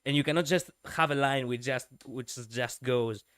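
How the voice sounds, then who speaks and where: A man's voice: medium pitch, moderate pace, fairly bright tone, smooth, dry recording. A male streamer giving casual reaction commentary, rambling with lots of fillers and the odd swear word, speaking close to his mic. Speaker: streamer reviewing lore videos.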